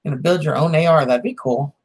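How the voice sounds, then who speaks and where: A woman's voice: low voice, quick pace, darkish tone, breathy edge. A woman, hosting a casual livestream, chatting with viewers, greeting them by name and laughing often. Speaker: livestream host.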